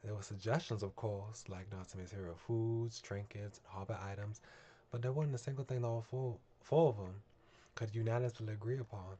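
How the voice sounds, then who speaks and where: Fields: Sex: man. Role: streamer reading game narration. Pitch: low. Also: fairly even intonation, mellow. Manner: measured, earnest, with small restarts. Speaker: streamer reading a visual novel.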